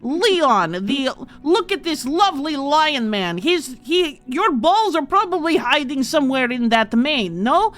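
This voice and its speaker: A woman voicing a brash, insulting townswoman who crudely mocks a man, speaking higher and louder than her usual voice. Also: sing-song, unhurried, hardly any pauses, full character voice. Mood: mocking. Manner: crude, mocking, scornful.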